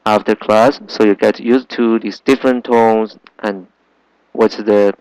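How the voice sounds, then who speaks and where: Male language teacher, unhurried, patient, drills sounds over and over, dry close sound. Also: on the low side, steady tone, darkish tone, smooth, no room sound, poor audio. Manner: slow, patient, repeats sounds in drills with many fillers. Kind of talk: language lesson.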